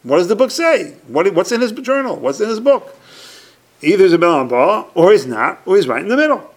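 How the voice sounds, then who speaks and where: Man, Torah teacher, lively up-and-down delivery, gravelly edge, emphatic, repeats himself. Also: high voice, brisk. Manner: emphatic, repeats points, asks and answers his own questions. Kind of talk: animated Torah class.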